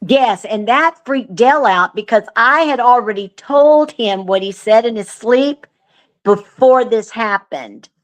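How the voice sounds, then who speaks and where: A woman guest telling a story in casual chat, earnest and animated, with lots of fillers. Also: a little high, unhurried. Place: remote call.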